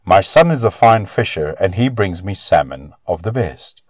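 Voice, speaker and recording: A man voicing an old male sorcerer-smith, cunning and grasping, with a shrieking high voice and archaic speech, in a storybook reading. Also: expressive, moderate pace, dry recording. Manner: archaic, demanding.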